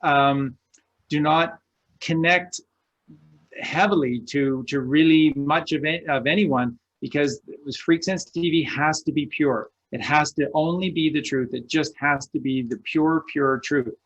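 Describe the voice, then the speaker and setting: A man's voice: fairly high pitch, measured pace, fairly bright tone, highs cut off. A man co-hosting an online show, talking in an impassioned, preachy way and repeating his encouragement. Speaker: show co-host. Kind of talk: impassioned conversational speech.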